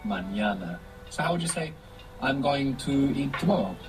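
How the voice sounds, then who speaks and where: A man's voice: medium pitch, lively intonation, moderate pace, loud music behind the voice, poor audio. Guy teaching a language class, patient, keeps asking questions, voice goes up and down a lot. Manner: patient, explaining step by step and prompting with questions. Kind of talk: guided language lesson.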